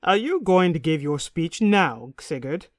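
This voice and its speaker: A woman voicing a boisterous, tipsy middle-aged king in an audiobook, loud and blustering. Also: sits low, animated, a little slow, no echo, clean studio sound. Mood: jovial. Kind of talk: audiobook character reading.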